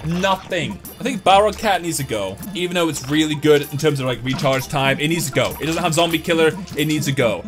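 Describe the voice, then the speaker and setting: A man's voice: on the high side, expressive, fairly quick, hardly any pauses, music in the background. A young man giving gameplay commentary, ranting, swearing and joking about his losses. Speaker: game commentator.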